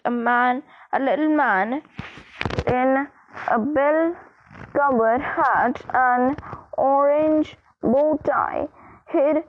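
A woman reading a novel aloud slowly and carefully, with small slips and restarts. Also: high voice, lo-fi sound. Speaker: reader. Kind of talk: amateur audiobook reading.

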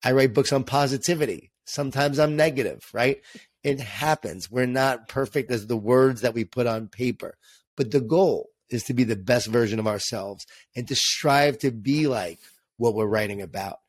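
An upbeat man speaking as a podcast guest, sharing lessons in an inspirational tone. His voice is mid-pitched and recorded dry, with no room echo. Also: normal speed. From Long Island, New York. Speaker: co-author and guest. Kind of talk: podcast interview answer.

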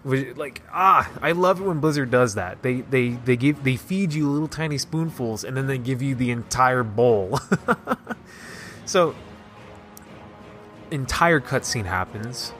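A man casually recapping a video game story, excited and rambling, with lots of "like" and restarts. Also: medium pitch, unhurried, faint music behind. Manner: excited, rambling, heavy use of "like". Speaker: gaming video host.

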